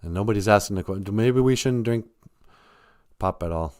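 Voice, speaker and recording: A man's voice: on the low side, normal speed, a little mellow, dry recording, studio quality. A man hosting a live stream, chatting casually and rambling from joke to joke, laughing often.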